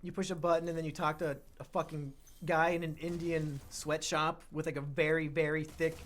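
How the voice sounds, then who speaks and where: A man co-hosting a casual podcast chat, talking fast and joking, often breaking into laughter. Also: a little high, flat delivery, fairly bright tone, a little hiss or hum. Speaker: podcast co-host.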